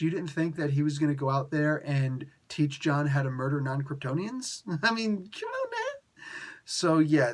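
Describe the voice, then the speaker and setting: A man giving a casual spoken comic book review, ranting and sarcastic, exasperated with the story. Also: a little high.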